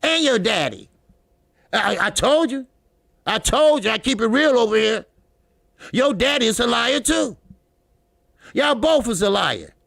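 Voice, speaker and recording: A man hosting a live boxing talk stream, loud and profane, laughing often and calling out greetings to chatters. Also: extremely high pitch, expressive, a little slow, gravelly, pauses often, no echo, studio quality. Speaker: boxing talk show host.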